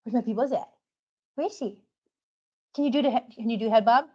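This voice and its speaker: A woman's voice: fairly high pitch, fairly quick, mellow, breathy edge, highs cut off. A woman vlogger walking around her home with a handheld phone, chatting casually and cooing at her cats in affectionate baby talk, laughing often. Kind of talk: casual live-stream chat. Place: home living room and outdoor catio.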